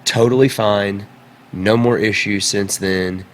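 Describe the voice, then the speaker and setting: A man's voice: lowish voice, fairly even intonation, slow pace, slight background noise. A man in his thirties, a podcast guest, telling a story in casual chat, repeating words as he goes.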